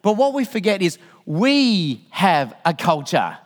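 Speaking at a measured pace in a large hall, this middle-aged Australian man's high voice carries a Christian teaching talk. He tells stories in a lively way and acts out people's quotes.

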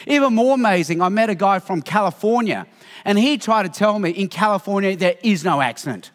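A man's voice: high voice, fairly quick, big-room sound. A middle-aged Australian man giving a Christian teaching talk, telling stories and acting out what people said. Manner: lively storytelling, acts out quotes.

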